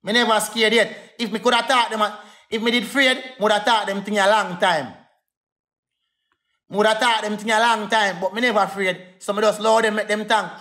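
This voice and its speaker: A man's voice: high voice, steady tone, fairly quick, bright, forceful tone. A young Jamaican man in a heated livestream rant, defiant and repetitive, calling out to his viewers.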